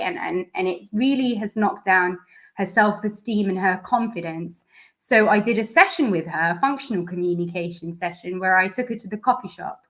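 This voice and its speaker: A woman speech therapist speaks in an interview, earnest and explanatory. She walks through examples one step at a time, in a mid-pitched, everyday voice. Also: moderate pace, fairly bright tone. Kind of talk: interview answers.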